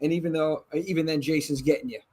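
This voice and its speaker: A man with a Brooklyn New York accent hosting a casual live horror chat, animated and joking, swearing freely. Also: on the high side, fast talker, breathy edge. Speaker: podcast host.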